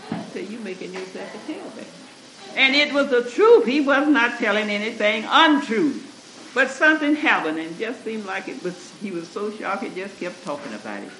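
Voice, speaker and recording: A man's voice: high voice, big pitch swings, moderate pace. A man preaching a sermon, reading scripture and calling out to the congregation, laughing as he goes. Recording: echoey church room recording with noise.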